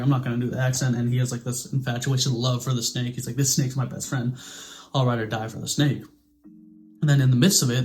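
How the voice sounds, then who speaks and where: A man talks through a movie review in a loose, conversational way. He keeps slipping into quick impressions of the characters, and he swears casually as he goes. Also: medium pitch. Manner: animated, acts out characters' lines in quick impressions.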